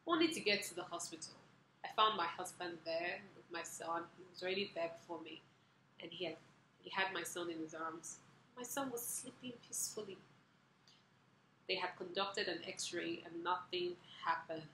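A woman's voice: lowish voice, moderate pace, sharp tone. A middle-aged woman telling personal stories to camera as the host of her vlog, earnest and emotional, letting her feelings show. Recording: echoey room with faint background hiss.

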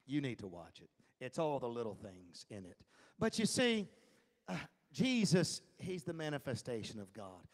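A man pastor teaching an adult Bible class in a sermon style. He is emphatic, chuckles often, and swings between hushed and near-shouted delivery. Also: medium pitch, sing-song, moderate pace, big-room sound. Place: church classroom.

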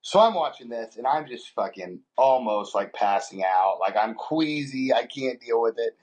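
A man's voice: medium pitch, expressive, normal speed, darkish tone. A man co-hosting a podcast, telling crude stories in casual chat, swearing freely and laughing often. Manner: crude, joking storyteller who swears a lot and laughs often. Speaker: podcast co-host.

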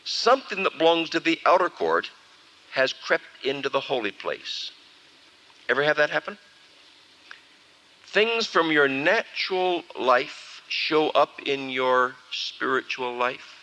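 Animated man preaching a sermon. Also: on the high side, takes it slowly, rough recording. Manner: animated storytelling, acts out scenes. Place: camp meeting before a live audience. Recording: archival 1979 camp meeting recording.

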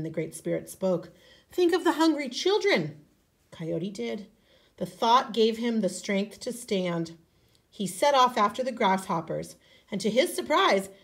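A woman teacher reading a folk tale aloud, expressive, with casual asides. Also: medium pitch, unhurried. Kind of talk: storybook read-aloud.

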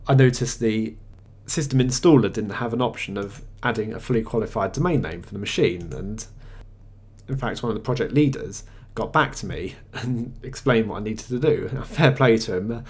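Male tech reviewer, low-ish husky voice, plain matter-of-fact screencast narration with the odd hesitation. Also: normal speed.

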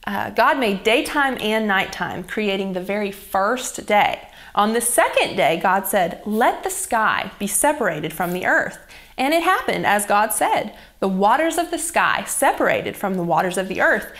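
A young woman reads a story aloud to children in a gentle, expressive way. Her voice sits a little on the high side. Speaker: children's church teacher. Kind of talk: reading a Bible story to children.

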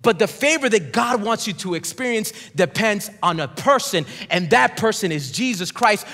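A high-pitched male pastor preaching with emphatic, rising intensity. He calls on the congregation to repeat words after him. His voice rings through a large church hall with a long reverb tail. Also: animated, normal speed, pushed and bright. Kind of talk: sermon.

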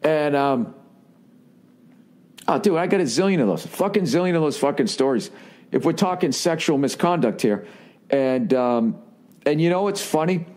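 A man hosting a solo podcast, telling profane, animated stories in a comedic rant full of fillers. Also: on the high side, moderate pace, pauses often. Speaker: podcast host.

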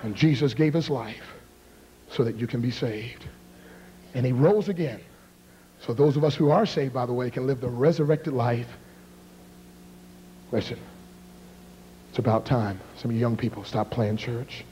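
A man in his thirties preaching a revival sermon and leading an altar call, swinging from hushed whispers to shouted appeals. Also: medium pitch, normal speed, long pauses. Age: 30s. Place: large church with balcony. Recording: long reverb of a large hall.

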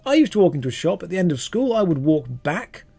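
A man's voice: high-pitched, sing-song, quick pace, creaky, dark tone, husky, faint music behind. A man with a British accent chatting casually while streaming a game, rambling through sarcastic banter.

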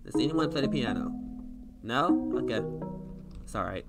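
Animated young man reacting to a game. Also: mid-range voice, moderate pace, gravelly. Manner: animated, slangy reactions, sudden loud outbursts. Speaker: gaming streamer. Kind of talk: live game commentary. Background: loud game music with plucked guitar.

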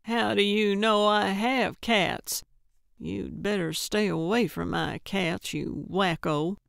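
A woman's voice: medium pitch, takes it slowly, gravelly, dry recording, studio quality. A woman narrator voicing a feisty, blunt older woman amateur sleuth who snaps back grumpily. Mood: cranky, blunt. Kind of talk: audiobook character voice.

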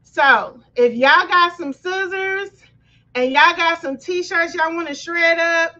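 A woman's voice: extremely high pitch, slow, pushed and bright. A woman hosting a craft livestream from her home office, chatting casually, greeting viewers by name and apologizing for running late. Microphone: computer mic on livestream. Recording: dull lo-fi stream audio.

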